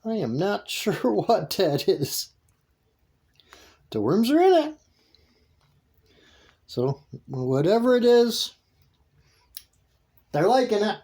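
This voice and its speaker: Slow, mellow-voiced man rambling on camera. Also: high-pitched, very animated. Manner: rambling and halting, with frequent restarts; easily delighted, with soft laughs. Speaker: worm-composting vlogger. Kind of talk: casual vlog narration.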